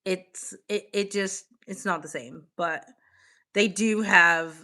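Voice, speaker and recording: A young woman from the United States hosting a casual livestream, chatting with viewers in an animated way full of "like" fillers. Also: mid-range voice, slow pace. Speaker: livestream host. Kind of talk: casual livestream chat, reacting to viewer comments.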